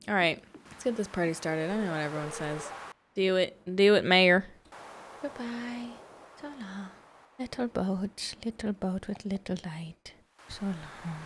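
A woman talks her way through a cozy farming game in loose, chatty commentary, bubbly and quick to gasp with delight. Her voice sits at a middle pitch, with soft game music faintly underneath. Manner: chatty, bubbly, gasps with excitement. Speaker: gaming video host. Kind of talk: casual let's-play commentary.

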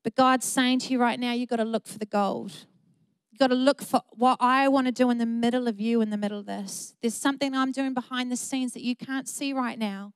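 A woman's voice: a little high, fairly even intonation, brisk, clean tone, no echo. A middle-aged woman pastor, preaching an earnest, emphatic sermon with repeated phrases.

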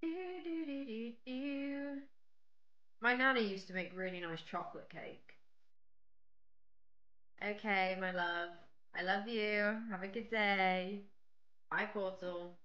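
A woman's voice: medium pitch, steady tone, takes it slowly, pauses often, dull audio. A young British woman chatting casually with her viewers while baking on a livestream. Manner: chatty, rambling, talks to chat. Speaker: streamer. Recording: faint music behind.

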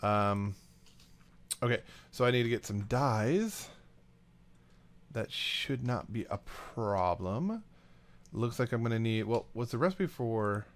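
A man giving casual, rambling gameplay commentary as a let's play host, getting excited and chatting to the items he handles. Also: on the low side.

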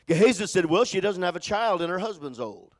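A man preaching a sermon, telling a Bible story and calling on his congregation to answer, moving between loud exhortation and hushed storytelling. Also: high-pitched, lively intonation, a little fast. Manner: preaching with call-and-response to the congregation; repeats words when starting phrases. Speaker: pastor.

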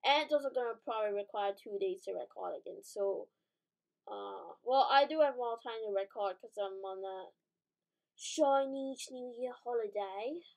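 Thinking aloud over gameplay, this gaming channel host speaks at a medium pitch and moderate pace with noticeable vocal fry, and the recording is rough. Her commentary is casual and meandering, full of self-corrections and abrupt, startled outbursts.

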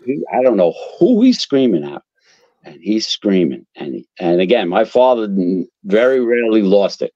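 A man, a guest fire captain telling animated, profane stories and acting out quotes. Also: fairly low pitch, normal speed, no room sound, lo-fi sound. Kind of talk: casual storytelling.

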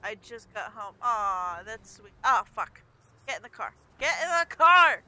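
A woman streaming a driving game, swearing and shouting at other drivers and laughing often. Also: on the high side, sing-song, unhurried, dry recording. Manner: brash, profane, yelling at other drivers. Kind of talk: casual gameplay commentary. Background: game music.

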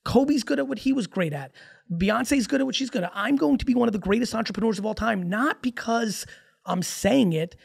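Gravelly-voiced man ranting emphatically. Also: very high voice. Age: 40s. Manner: emphatic, profane, rapid-fire storytelling. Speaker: podcast guest. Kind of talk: casual podcast conversation.

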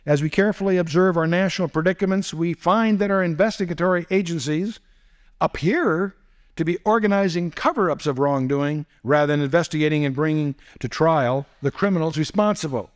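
A man's voice: fairly high pitch, fairly quick. A man giving a teaching lecture as a Bible teacher, posing rhetorical questions and dropping wry asides. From United States.

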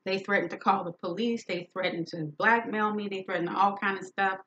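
A woman's voice: medium pitch, fairly even intonation, a little fast, fairly bright tone. Emphatic woman telling a story, lo-fi. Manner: emphatic and indignant, acting out quoted dialogue. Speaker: podcast host. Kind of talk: storytelling monologue. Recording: dull lo-fi sound.

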